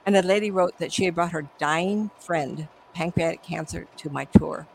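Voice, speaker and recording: A woman's voice: on the low side, moderate pace, creaky, darkish tone, a little hiss or hum, poor audio. A middle-aged woman, a psychic medium, telling stories animatedly in an interview and acting out the voices. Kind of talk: conversational interview storytelling.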